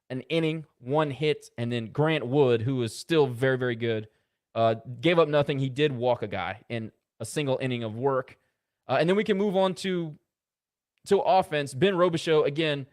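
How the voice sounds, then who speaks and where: A man co-hosting a casual sports podcast, rattling off box-score stats with quick asides. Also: medium pitch. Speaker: podcast co-host.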